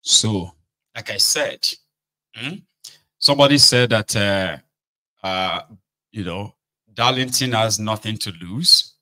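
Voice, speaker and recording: A man's voice: lowish voice, slow pace, pauses often, bright, forceful tone, low-quality recording. A man giving opinion commentary, arguing with rhetorical questions.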